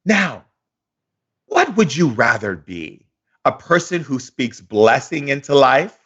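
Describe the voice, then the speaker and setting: A man's voice: mid-range voice, big pitch swings, a bit bright, husky, lo-fi sound. Theatrical man teaching spirituality. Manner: theatrical, acts out dialogues, drawn-out pauses. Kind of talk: daily motivational spiritual lesson.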